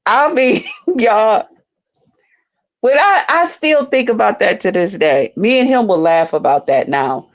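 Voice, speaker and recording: A woman's voice: fairly high pitch, unhurried. A woman telling a story to her viewers in a casual vlog, cursing freely and calling them y'all. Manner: profane, animated, addresses viewers as y'all. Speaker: YouTuber telling stories to viewers.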